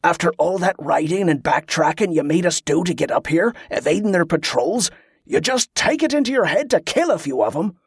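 A man playing a short-tempered, swearing captain in an audiobook, pitched a bit above the narrator's voice and brusque in manner, with a dry sound. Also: expressive, fairly quick, husky, dry recording, full character voice. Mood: irritable.

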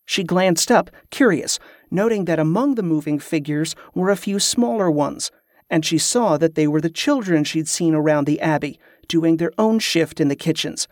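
A man reading an audiobook in a steady, even narrating voice. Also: fairly high pitch, normal speed, no echo, clean studio sound. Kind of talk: scripted narration.

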